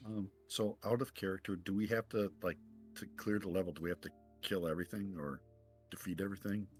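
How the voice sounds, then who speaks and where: A man playing a tabletop game, asking quick casual questions about the rules. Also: low-pitched, steady tone, faint music behind. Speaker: player.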